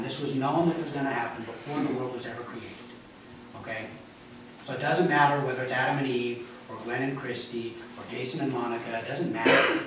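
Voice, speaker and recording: A man giving a sermon as pastor, animated and joking in a conversational way. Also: medium pitch, background noise. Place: church sanctuary. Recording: echoey church hall from a distance.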